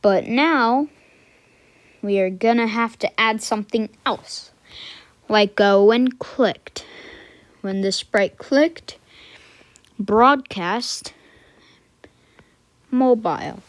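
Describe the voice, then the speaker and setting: Slow-talking casual woman tutorial maker. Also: on the high side, dry recording. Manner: unhurried, thinking aloud with fillers and self-corrections; mutters quiet asides to herself. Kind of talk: casual screen-recorded coding tutorial.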